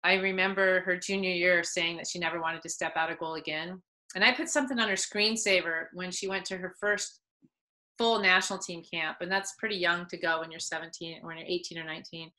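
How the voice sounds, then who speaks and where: A woman's voice: lowish voice, a little fast, poor audio. A middle-aged woman, a soccer head coach, telling stories in a casual interview and acting out the people she quotes. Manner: animated, acts out quoted people.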